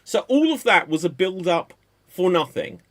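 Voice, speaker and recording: A man talking pop culture on a panel show, his voice sitting high and jumping all over the place. He rambles from point to point with a mocking edge, loose and animated. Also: normal speed. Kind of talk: casual pop-culture chat.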